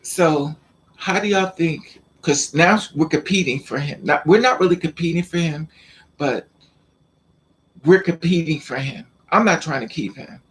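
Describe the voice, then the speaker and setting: A man vlogging, telling a personal story in a casual, animated and rambling way, with streetwise slang. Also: a little high, measured pace.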